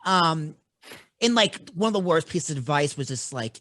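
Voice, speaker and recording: A young man from Boston hosts a podcast, his accent strong and his stories blunt and lively. His voice sits a little high, recorded close and dry. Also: normal speed, dry recording. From Boston, USA. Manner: animated, blunt storytelling. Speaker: podcast host. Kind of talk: casual podcast chat.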